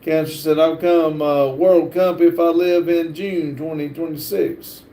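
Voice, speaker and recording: A man hosting a livestream, reading viewer comments aloud in a halting, stumbling way with lots of fillers. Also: fairly high pitch, fairly even intonation, dark tone, echoey room. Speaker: livestream host reading chat. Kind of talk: casual live chat, reading comments aloud.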